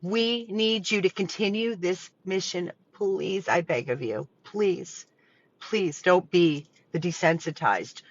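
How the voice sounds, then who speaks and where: A woman's voice: fairly low pitch, takes it slowly. Urgent, pleading woman in a dull recording. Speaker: dog rescue organizer. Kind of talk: impassioned direct appeal to viewers. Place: dog rescue property.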